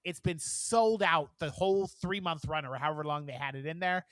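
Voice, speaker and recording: A tired man co-hosting a casual podcast, rambling and giggling through his stories. His voice is bright and lively. It is recorded close and dry. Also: on the high side, normal speed, no echo. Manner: chatty and giggly, rambling with many fillers. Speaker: podcast co-host. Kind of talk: casual chat.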